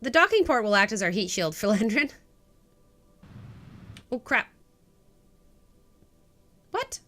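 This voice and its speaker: A woman casually commenting on her space game while streaming live, jokey and excitable, chatting with viewers. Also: medium pitch, normal speed. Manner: jokey and excitable, talking to chat.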